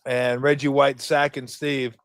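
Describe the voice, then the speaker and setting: A man's voice: mid-range voice, little pitch movement, unhurried, clear, resonant tone, no room sound. A man hosting a sports show, asking questions, telling stories and laughing easily in casual chat. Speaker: sports podcast host.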